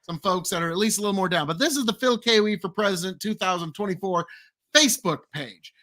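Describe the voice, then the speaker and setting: A man's voice: sits high, fast, pushed and bright. Wry, jokey man hosting a chat show. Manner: wry, jokey, showman-like introductions. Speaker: podcast host. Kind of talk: casual chat reacting to old posts.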